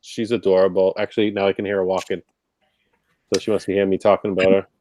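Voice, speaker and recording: A man's voice: sits low, level tone, fast talker, a little mellow. Friendly man chatting on a late-night stream. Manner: friendly, chatty, thanks viewers. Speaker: podcast co-host. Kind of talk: casual late-night live stream chat. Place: brick-walled room at home.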